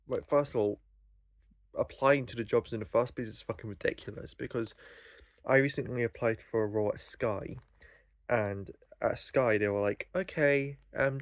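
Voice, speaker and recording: Young guy, mid-pitched, sweary rambling vlog rant, dry sound. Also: dry recording. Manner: rambling, sweary, full of fillers. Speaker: vlogger. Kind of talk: casual storytelling rant.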